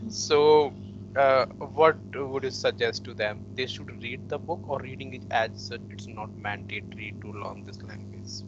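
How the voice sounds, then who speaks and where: A man hosting an online interview conversation, polite and quick to laugh, often turning to address his viewers. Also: medium pitch, steady tone, vocal fry. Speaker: host. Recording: dull lo-fi sound with background hum.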